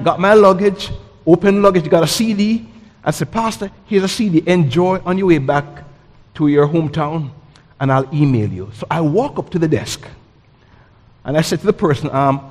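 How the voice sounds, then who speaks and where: A middle-aged man from Jamaica, preaching a sermon with lively, story-driven delivery. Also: fairly high pitch, in a large hall. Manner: animated storytelling, acts out voices and sounds.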